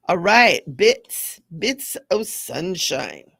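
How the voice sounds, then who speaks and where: A woman's voice: lowish voice, gravelly, a bit bright, husky, dry recording, clean studio sound. A woman hosting a live spiritual card reading, chatty and affirming, repeating mantras to her viewers. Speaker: intuitive card reader.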